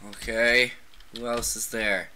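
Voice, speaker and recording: Excitable trash-talking gamer, piercingly bright tone, unhurried delivery. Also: medium pitch, a little hiss or hum. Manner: excitable, trash-talking, frequent shouted outbursts. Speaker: gamer playing a shooter. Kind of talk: casual gameplay commentary.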